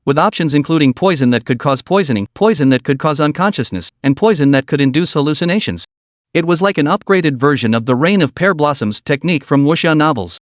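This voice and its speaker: A man giving scripted story narration as a recap narrator, reading at a steady, even pace. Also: fairly high pitch, no echo, clean studio sound.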